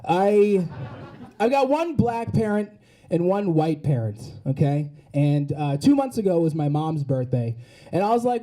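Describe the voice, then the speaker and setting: A young man works a comedy club stage into a handheld mic. His voice sits high and mellow, and he tells his stories in an animated way, dropping in quick impressions of the people in them. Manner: animated storytelling with put-on voices. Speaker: stand-up comedian. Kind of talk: stand-up set.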